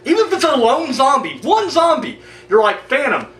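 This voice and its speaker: Animated high-voiced man, echoey room. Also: distant mic, faint music behind. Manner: animated, profane, jokey, breaks into quick acted quotes. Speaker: video blogger. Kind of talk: casual rant to camera.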